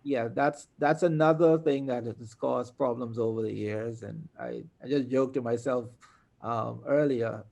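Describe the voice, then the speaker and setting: A man walks through inheritance law. He speaks in a measured way, often pauses on "um", and breaks into small laughs. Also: medium pitch, gravelly, darkish tone. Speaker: lawyer guest. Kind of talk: explaining property law in a casual chat.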